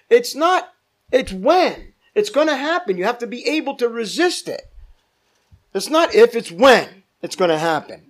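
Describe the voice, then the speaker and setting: High-voiced pastor teaching scripture. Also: male voice, sing-song, measured pace. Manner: emphatic, repeats points, asks the room questions. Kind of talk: bible study teaching.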